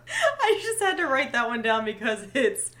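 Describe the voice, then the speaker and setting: A woman's voice: high voice, huge pitch swings, unhurried, bright, forceful tone. A woman co-hosting a casual podcast, chatty and laughing often. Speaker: podcast co-host.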